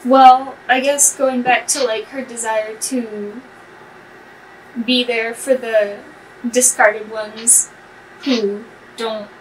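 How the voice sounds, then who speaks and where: A woman playing a tabletop game, chatty and excitable, trailing off with fillers as she thinks. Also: on the high side, takes it slowly, long pauses, recorded from a distance, slight background noise, poor audio. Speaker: player. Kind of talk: casual tabletop play.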